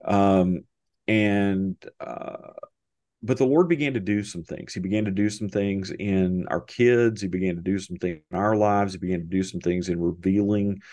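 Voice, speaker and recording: Middle-aged man, very low voice, dry close mic; halting, heartfelt guest storyteller. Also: darkish tone, no room sound. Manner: halting, many restarts and fillers, emotional, laughs often. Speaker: podcast guest. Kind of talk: conversational storytelling.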